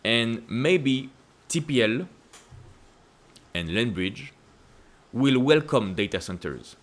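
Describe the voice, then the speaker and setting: A man with a French accent hosting casual stock-market commentary, asking emphatic rhetorical questions and jumping up in pitch to stress points. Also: very animated, slow pace. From France. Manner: emphatic, repetitive rhetorical questions with sudden upward pitch leaps. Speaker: investing channel host.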